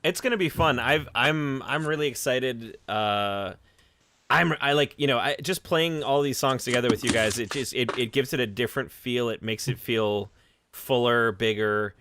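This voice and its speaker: A man's voice: medium pitch, moderate pace, fairly bright tone. A man hosting a casual livestream podcast over a video call, chatty, with frequent laughs and restarts.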